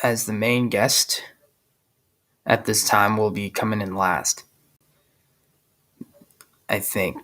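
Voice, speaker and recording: A young man hosting a casual podcast chat, talking in a hesitant, halting way with frequent restarts. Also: fairly low pitch, fairly even intonation, fairly bright tone. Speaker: host.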